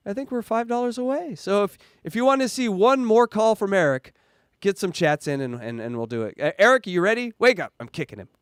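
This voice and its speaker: Excitable high-pitched male stream host. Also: brisk, clear, resonant tone, dry recording, studio quality. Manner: excitable, joking, hypes donations. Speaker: livestream host. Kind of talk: casual livestream chat.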